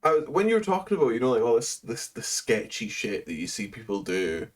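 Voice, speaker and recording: A man co-hosting a casual podcast chat, laid-back and quick to laugh. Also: mid-range voice, big pitch swings. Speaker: podcast co-host.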